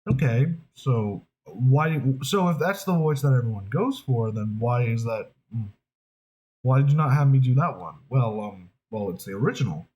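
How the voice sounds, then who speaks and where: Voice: mid-range voice, animated, normal speed, dark tone, low-quality recording. A voice actor chatting casually to camera, rambling and restarting sentences while thinking aloud. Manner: rambling, hesitant, with many restarts.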